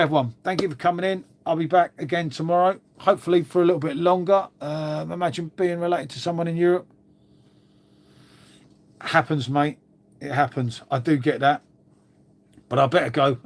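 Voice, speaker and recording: Man, livestream host, rambling casual chat, fairly high voice. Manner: rambling and chatty, calls people mate. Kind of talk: casual chat answering viewers.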